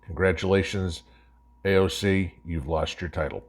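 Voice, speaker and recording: A man's voice: low-pitched, normal speed. A man giving scornful, opinionated commentary as host, ranting and tagging his points with "okay?".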